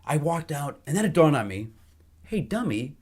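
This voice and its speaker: A man chatting as a podcast guest, an animated storyteller who acts out the people in his tales. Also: on the high side, fairly quick. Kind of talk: casual chat, storytelling.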